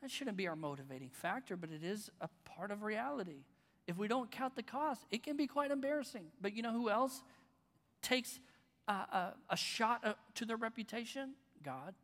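A man's voice: sits high, animated, moderate pace. Man preaching. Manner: conversational preaching with bursts of loud emphasis. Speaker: pastor. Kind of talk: sermon. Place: church auditorium. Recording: long reverb in a large hall.

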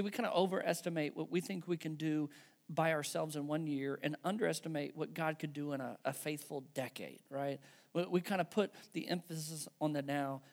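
A man's voice: on the high side, gravelly. A man preaching a conversational sermon to his church, emphatic and frequently checking in with "right?" and "okay". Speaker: pastor.

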